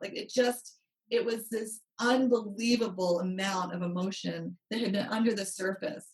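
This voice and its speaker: Woman guest on a podcast, animated, roomy echoey sound. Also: mid-range voice, normal speed. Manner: animated, acts out quotes. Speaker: guest, money coach. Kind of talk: interview storytelling. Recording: roomy, distant from mic.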